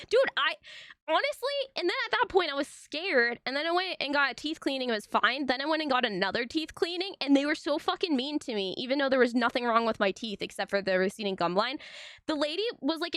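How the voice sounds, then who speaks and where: Young woman streamer, bright sharp voice, dry close sound, chatty, swears, goes off on tangents. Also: fairly high pitch, dry recording. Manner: animated, tangent-prone storytelling with frequent swearing. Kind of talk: casual chat on a livestream.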